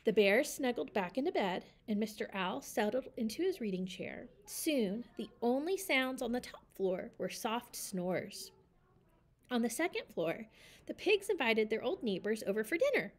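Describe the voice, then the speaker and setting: Female storyteller, expressive read-aloud of a picture book; slightly high voice, animated. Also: moderate pace. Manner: lively, expressive reading.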